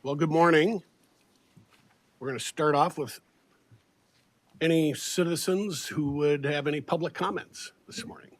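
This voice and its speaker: A man's voice: on the high side, steady tone, unhurried, long pauses. A man chairing a county board meeting, politely calling on speakers for public comment. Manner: polite, procedural.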